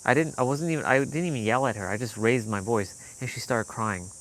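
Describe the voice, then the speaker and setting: A man's voice: medium pitch, brisk, a bit bright, a little hiss or hum. Young man, candid storytelling, swears, faint crickets behind. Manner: candid, swearing, quoting others in heated bursts. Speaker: fitness vlogger. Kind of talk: emotional personal storytelling.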